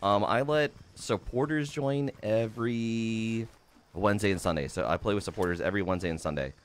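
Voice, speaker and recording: A man's voice: fairly low pitch, a little fast. A man streaming a game live, swearing freely and greeting his chat by name.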